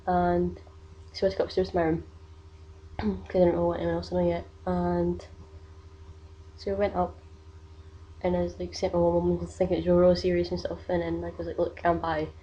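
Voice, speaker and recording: A woman's voice: on the low side, completely flat delivery, normal speed, long pauses, warm tone, highs cut off. A young woman, telling a personal story in a casual vlog, rambling with many fillers. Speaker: vlogger.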